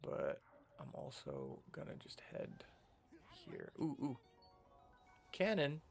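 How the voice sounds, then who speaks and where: A man's voice: on the high side, huge pitch swings, takes it slowly, gravelly, faint music behind. A man giving casual, rambling commentary while streaming a video game, laid-back and full of fillers and slang.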